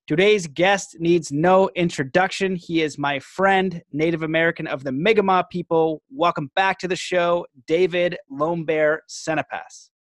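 A man hosting a podcast, calmly reading an ad and guiding listeners into the interview. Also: a little high, measured pace, no room sound, studio quality. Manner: calm, guiding a breathing exercise. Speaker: podcast host.

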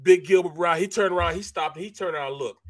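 A man's voice: high voice, quick pace, dry recording. A middle-aged man, a former football lineman, telling stories in casual sports-radio chat and acting out what others said. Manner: animated storyteller, acts out quotes. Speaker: co-host, former NFL lineman.

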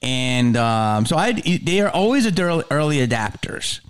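A man hosting a podcast, chatting casually and telling stories with an excitable, joking manner. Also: mid-range voice, a little slow, clean tone. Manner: excitable, joking, animated storytelling. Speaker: podcast host. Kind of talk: casual interview chat.

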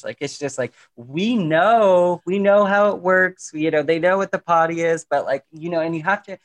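A man talking as a podcast guest on mental health, casual and animated, joking often and restarting his sentences. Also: medium pitch. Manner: animated, jokey, lots of fillers and restarts. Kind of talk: casual conversational interview.

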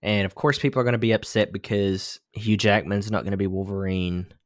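A man's voice: fairly low pitch, steady tone, fairly quick, no echo, studio quality. A young man co-hosting a podcast, talking in a loose, rambling way and swearing casually. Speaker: podcast co-host. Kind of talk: casual chat.

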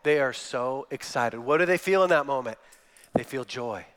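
A man's voice: medium pitch, moderate pace, fairly bright tone, smooth. A man in his thirties, a guest speaker giving a sermon, telling stories and acting out quotes. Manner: storytelling with acted-out quotes. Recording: long hall reverb.

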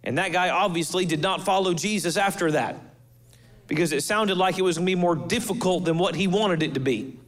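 A male pastor preaching a sermon to his church, with emphatic pauses and changes of pace. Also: sits high, fairly bright tone.

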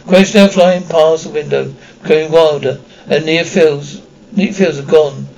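A man narrating a children's fantasy book aloud, trips over words and goes back to fix them. His voice sits a little high and has a gravelly, fry-laden texture. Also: measured pace, a little mellow, poor audio. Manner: reads with frequent slips and restarts. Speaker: audiobook reader. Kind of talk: amateur audiobook narration.

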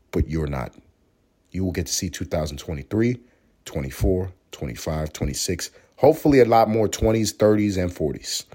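Hoarse low-voiced man with a sore throat. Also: a little mellow. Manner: profane, rambling, mock-preacher delivery. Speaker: podcast host. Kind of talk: casual solo podcast monologue.

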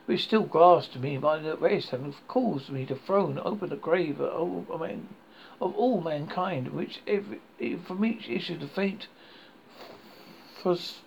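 A man reading a horror story aloud, halting and often stumbling over words, on a dull lo-fi recording. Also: a little high, gravelly, a little hiss or hum. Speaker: horror podcast host and reader.

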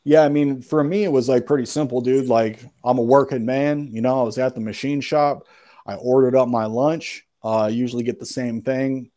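A man's voice: mid-range voice, fairly even intonation, normal speed, warm tone. A man telling a story as a guest in a casual, slangy, profane way, calling people "bro.". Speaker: podcast guest.

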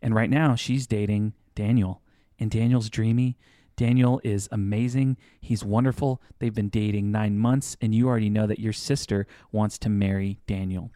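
A man's voice: on the low side, steady tone, moderate pace, dark tone, dry recording, clean studio sound. A man co-hosting a wedding-planning podcast in casual chat, rambling and correcting himself as he spins hypothetical examples. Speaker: podcast co-host.

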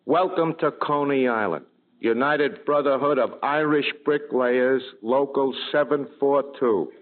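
An actor playing a skeptical, wry sidekick in 1940s radio acting. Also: male voice, medium pitch, measured pace, lightly acted. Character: doubtful sidekick man. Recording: tinny old radio broadcast.

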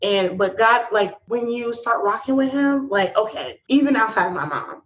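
Woman telling faith stories, slangy and animated, kinda muffled lo-fi audio. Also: on the high side, moderate pace, few pauses. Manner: animated storytelling with laughs; casual slangy speech. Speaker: podcast guest. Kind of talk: casual faith chat. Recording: dull lo-fi sound.

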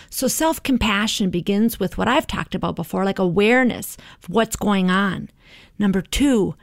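A woman's voice: mid-range voice, gravelly, dry recording, clean studio sound. A middle-aged woman hosting a podcast, talking in an encouraging, motivational way and often checking in with "right?". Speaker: podcast host.

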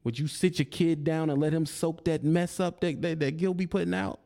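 A man's voice: a little high, steady tone, normal speed, warm tone. A man, delivering a confrontational, preachy monologue aimed at a rival, taunting and repeating his points. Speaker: online commentator.

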